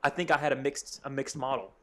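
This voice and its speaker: A man's voice: mid-range voice, fairly even intonation, fast, bright, forceful tone, slight background noise. Rambling, self-deprecating man. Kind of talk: casual chat.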